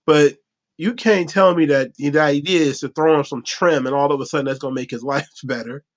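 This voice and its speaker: A man's voice: fairly high pitch, fairly quick. A man hosting a podcast in a profane comedic rant, laughing often and acting out voices, on dull lo-fi audio. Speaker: podcast host.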